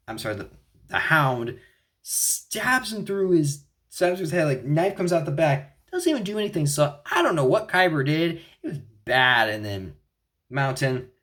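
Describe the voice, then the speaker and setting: A man's voice: mid-range voice, a bit bright. Rambling young man recapping a show. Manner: rambling, frequent restarts and self-corrections. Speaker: video reviewer. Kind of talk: casual TV show recap and opinion.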